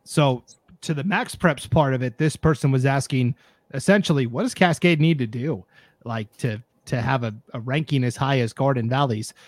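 A man hosting a casual high school sports podcast. He is animated and easily fired up, and he rants about what bothers him. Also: moderate pace, no echo. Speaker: podcast host.

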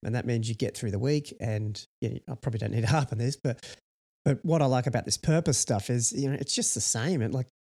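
Brief: male podcast co-host, mid-pitched, loose and rambling, filler-heavy casual talk. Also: quick pace, darkish tone. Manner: rambling, heavy use of "you know" fillers. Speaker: podcast co-host, startup founder. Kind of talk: casual chat.

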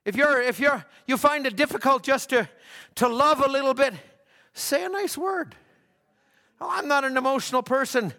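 A man preaching a sermon at a church service, emphatic and repetitive, building to shouts. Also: very high-pitched, moderate pace. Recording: church hall with long reverb.

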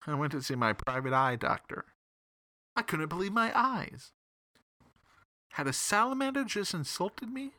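Man, storyteller, lively pitch, bright tone, dry close recording. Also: unhurried, pauses often, no room sound. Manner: animated, playful reading. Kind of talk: reading his own comic story.

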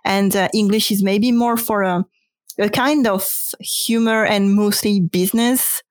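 A woman whose first language is French, a French teacher explaining her views in a thoughtful, unhurried way with frequent ums. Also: medium pitch, steady tone, dry recording. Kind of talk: casual panel conversation.

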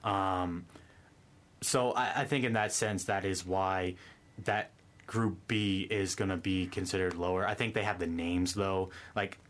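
A man talking sports in casual chat, measured and explanatory, with many ums. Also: sits low, steady tone, a bit bright. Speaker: sports pundit.

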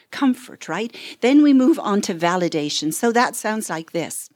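Lively middle-aged woman counselor teaching. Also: on the low side, moderate pace, few pauses. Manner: expressive, acts out parent and child voices. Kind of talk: parenting seminar talk.

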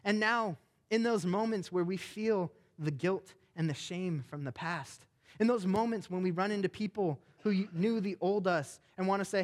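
A young adult man, a pastor, preaching a sermon with animated, emphatic delivery. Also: high voice, normal speed.

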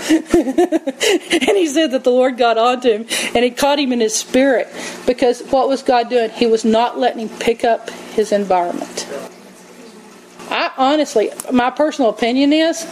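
A woman preaching a sermon, telling stories in an animated way and acting out quotes. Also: on the high side, a little hiss or hum, poor audio. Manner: animated storytelling, acts out quotes, laughs often.

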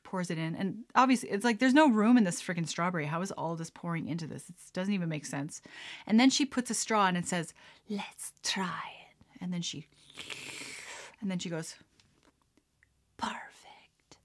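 A woman's voice: on the low side, expressive, quick pace. A young woman hosting a casual podcast at home, chatty and rambling, often breaking into giggles as she talks. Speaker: podcast host. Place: at home, mixing a drink on camera.

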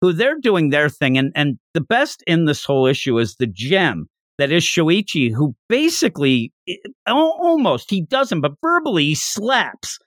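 A man's voice: on the high side, very animated, moderate pace, a bit bright, no echo, studio quality. A man hosting a podcast, chatting casually as he recaps a manga chapter and laughs while acting out the characters' lines. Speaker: podcast host.

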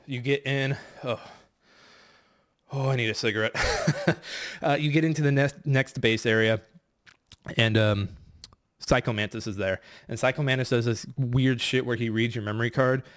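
This man's medium-pitched voice stays steady at a moderate pace, broken by long pauses. He's a podcast competitor racing through a rambling, profane, casual game recap, full of fillers and restarts.

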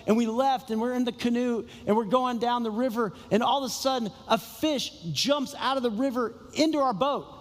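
A man's voice: extremely high pitch, long reverb tail. A man preaching a sermon, telling stories with exclamations and repeated phrases. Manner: storytelling, exclamatory and repetitive. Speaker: pastor.

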